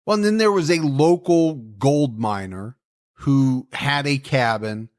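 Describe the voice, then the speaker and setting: A man's voice: medium pitch, slow. A man co-hosting a true-crime podcast, telling the case in a casual, joking, conversational way. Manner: jokey, conversational storytelling with asides. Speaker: podcast co-host.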